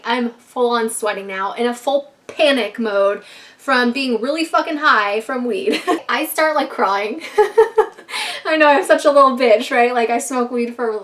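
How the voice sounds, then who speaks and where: A young woman telling a casual storytime to camera, animated and profane, laughing often. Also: fairly high pitch. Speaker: vlogger.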